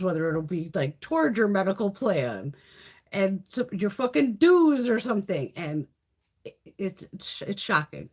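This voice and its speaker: A woman hosting a beauty livestream, telling stories in blunt, profane casual chat with snarky asides. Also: mid-range voice.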